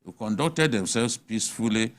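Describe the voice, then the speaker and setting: A man's voice: on the low side, lively intonation, normal speed. Emphatic Nigerian man on a panel. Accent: Nigerian English. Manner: emphatic, argumentative, rhetorical questions. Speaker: panel guest. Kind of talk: animated studio panel discussion. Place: TV studio.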